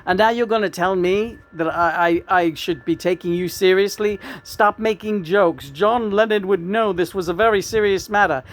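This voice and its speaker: A woman speaking as the channeled spirit of a famous male rock star, ranting profanely and mockingly with sudden loud outbursts. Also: mid-range voice, normal speed, hardly any pauses, lightly acted. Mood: scornful.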